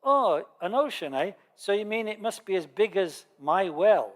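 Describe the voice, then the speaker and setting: A man's voice: sits high, lively intonation, normal speed, pitched above the performer's own voice. A man voicing a naive male frog who has lived his whole life at the bottom of a well, asking curious, disbelieving questions. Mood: curious, amazed. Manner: curious and incredulous. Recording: long hall reverb.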